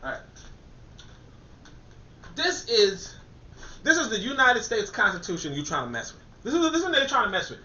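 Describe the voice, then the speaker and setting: A man's voice: high-pitched, sing-song, moderate pace, pauses often, sharp tone, a little hiss or hum. A man reading a political text aloud and commenting on it in a colloquial, emphatic way, often repeating words as he thinks. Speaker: commentator reviewing a political document. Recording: echoey, dull-sounding room.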